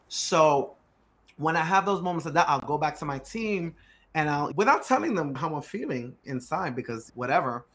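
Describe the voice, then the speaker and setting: A man speaking as a guest on a podcast, his voice sitting a little higher than most men's. He tells stories with energy, slips into voices when he quotes people, and drives points home by repeating words. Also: normal speed. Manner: animated storyteller acting out quotes; emphatic, repeats key words. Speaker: startup growth CEO guest. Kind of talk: podcast interview conversation.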